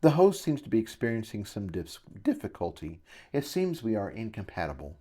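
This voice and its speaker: A man's voice: lowish voice, wildly swooping pitch, a little fast, warm tone. A man voicing a polite, formal male bank avatar with a British accent in an audiobook. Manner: courteous, formal.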